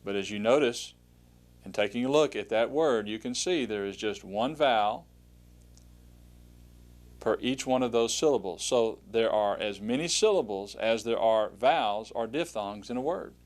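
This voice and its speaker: A man teaching a recorded language lesson, patient and methodical, with frequent "uh" and "all right" and pauses for the listener to repeat after him. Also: lowish voice. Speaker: Greek instructor.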